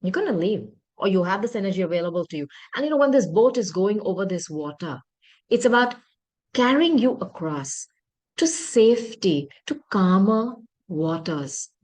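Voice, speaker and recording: A woman's voice: mid-range voice, lively intonation, normal speed, a little mellow. A woman giving a tarot reading, talking earnestly to her viewers and often apologizing or thinking aloud. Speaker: tarot reader.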